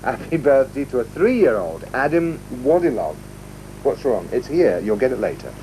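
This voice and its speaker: A man reading birthday greetings on children's television, cheerful and gently coaxing. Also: medium pitch, very animated, normal speed, poor audio. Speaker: TV presenter. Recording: archive TV audio with faint noise.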